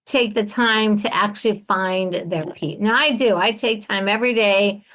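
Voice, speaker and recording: A woman's voice: medium pitch, normal speed. A woman in her sixties hosting a podcast interview, talking emphatically and acting out what other people say. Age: 60s. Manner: animated, acts out other people's lines. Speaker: podcast host. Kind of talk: casual interview chat.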